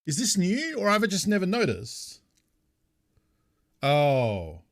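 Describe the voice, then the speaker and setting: A man's voice: high-pitched, slow pace. Laid-back Australian man streaming games. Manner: relaxed, rambling, answers chat, swears casually. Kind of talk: casual live-stream chat.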